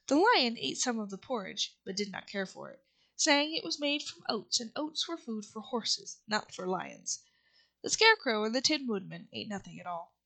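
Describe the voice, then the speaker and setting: A woman reads a classic storybook aloud in a steady storytelling voice. Her pitch sits somewhat high. The delivery is plain and even. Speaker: narrator. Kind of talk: audiobook narration.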